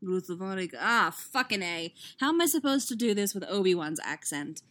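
A woman's voice: medium pitch, expressive, normal speed, a bit bright. A woman reading a podfic, chatting through her bloopers and author's notes, swearing freely and laughing at her own mistakes, recorded on a living room couch. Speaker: podfic reader.

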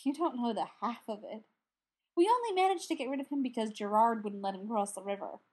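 A woman's voice: on the high side, lively intonation, brisk, slightly rough. A woman reading the lines of a casual, easygoing young man who carries a spear. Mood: exasperated.

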